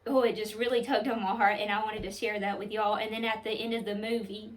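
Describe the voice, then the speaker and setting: A woman's voice: mid-range voice, little pitch movement, fast, distant mic, rough recording. A woman vlogger, talking earnestly and with feeling to her viewers. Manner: earnest, emotional, says "y'all" often. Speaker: home decor vlogger. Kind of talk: casual heartfelt talk to camera.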